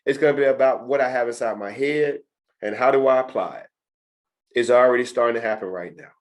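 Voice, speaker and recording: A man's voice: medium pitch, fairly quick. A middle-aged man teaching a test prep session to students, talking emphatically and repeating his key points. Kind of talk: lecture to students.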